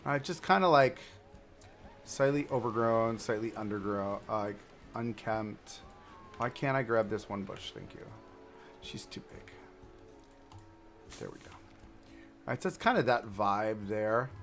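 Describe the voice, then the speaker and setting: A man's voice: fairly low pitch, unhurried, long pauses, fairly bright tone, soft background music. A man casually talking through a theme park building game on a livestream, rambling to himself and to the objects he places. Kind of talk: casual gameplay commentary.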